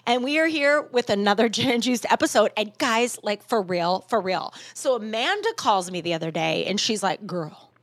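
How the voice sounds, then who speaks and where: A woman hosting a podcast in casual chat, animated and swearing freely as she acts out quotes in big voices. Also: medium pitch, normal speed, few pauses, no echo, studio quality. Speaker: podcast host.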